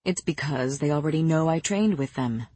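A woman voicing a cold, commanding male fae high lord who speaks with quiet, controlled menace. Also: wildly swooping pitch, a little fast, breathy edge, no room sound, full character voice.

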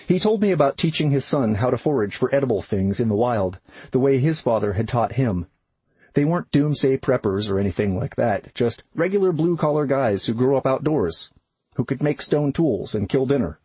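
A man narrates an audiobook in an even, unhurried way. His voice is very husky and breathy, at a middle pitch. The sound is dry and close. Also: no room sound, rough recording.

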